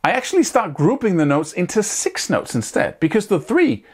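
A man's voice: sits high, normal speed. A man giving a guitar lesson, explaining picking technique and checking in with listeners as he goes. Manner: animated, hands-on, scats picking rhythms aloud; checks in often with "right?" and "wouldn't you say?". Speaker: guitar teacher.

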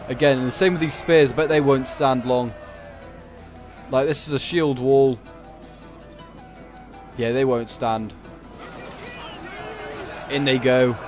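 A man giving casual, chatty commentary over a strategy game battle, thinking aloud with many fillers and restarts. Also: mid-range voice. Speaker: gaming commentator.

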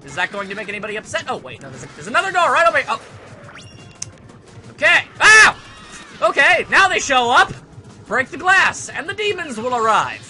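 A young man giving casual, sarcastic gameplay commentary, grumbling at the game and now and then bursting into shouts. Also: very high-pitched, big pitch swings, quick pace. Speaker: let's play commentator. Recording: faint game music behind.

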